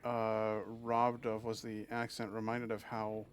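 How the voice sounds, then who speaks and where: A man's voice: lowish voice, completely flat delivery, unhurried, slight background noise. A man from Massachusetts streaming a game, chatting casually with his viewers and often stumbling over and restarting his sentences. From Massachusetts, USA. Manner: chatty, often restarts and stammers, reads and answers chat. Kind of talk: casual live-stream chat while gaming.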